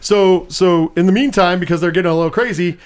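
Un uomo, conduttore di un podcast, racconta con animazione la trama di un film in una chiacchierata informale, spesso con parolacce. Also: male voice, high-pitched, quick pace, clear, resonant tone. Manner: animated retelling with frequent swearing. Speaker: podcast host. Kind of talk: casual film review chat.

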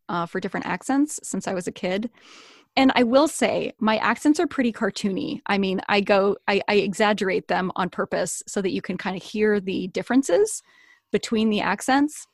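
A woman's voice: medium pitch, lively intonation, normal speed, no echo, studio quality. A woman chatting casually as a podcast guest, laughing often. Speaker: guest, accent impressionist.

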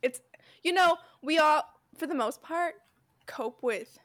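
A woman's voice: high-pitched, takes it slowly, fairly bright tone. A young woman co-hosting a podcast, rambling in casual chat and laughing often. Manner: rambling, laughs a lot, says "dude". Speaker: podcast co-host.

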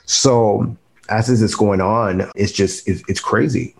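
A man's voice: on the low side, fairly even intonation, takes it slowly, vocal fry, husky. A man giving an earnest, emotional personal testimony on a faith interview, restarting his sentences as he goes. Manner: faith-filled, speaks of God and prayer. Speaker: guest.

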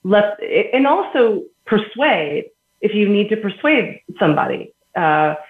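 A woman's voice: mid-range voice, big pitch swings, unhurried. A woman on an echoey phone line. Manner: earnest, explains with everyday examples, laughs between points. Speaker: guest. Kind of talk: conversational podcast interview.

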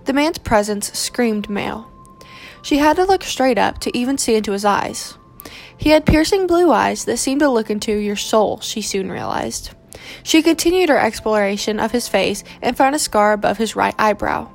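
A woman reading a romance novel aloud in steady, measured narration. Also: on the high side, creaky, soft background music.

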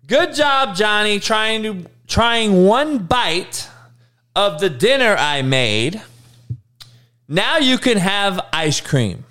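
An overly patient modern parent who soothes a child in a gentle sing-song tone, as a man mocks the type. The voice is high and very lively in its pitch. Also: takes it slowly, full character voice. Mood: coddling. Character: soft-spoken modern coddling parent.

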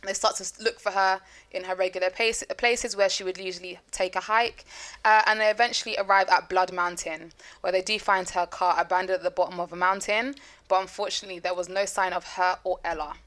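A woman's voice: mid-range voice, steady tone, fairly quick, fairly bright tone. A woman co-hosting a podcast, chatting and teasing, then telling a true-crime story. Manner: chatty, teasing, swears casually. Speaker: podcast co-host.

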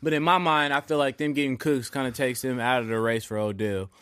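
Slangy cussing podcast guy, regular pitch, dry close sound, keeps saying "you feel me". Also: steady tone, fairly quick, a bit bright, clear, resonant tone, no echo. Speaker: podcast host. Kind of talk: casual sports chat.

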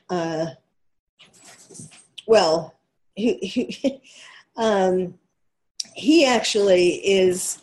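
A woman's voice: mid-range voice, darkish tone. A woman with a New York accent hosting a talk radio show, delivering an emphatic monologue full of rhetorical questions.

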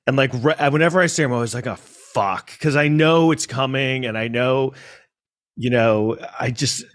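A man's voice: mid-range voice, fairly even intonation, unhurried, long pauses. A man from New York City telling a personal story in a casual monologue, rambling with restarts and asides.

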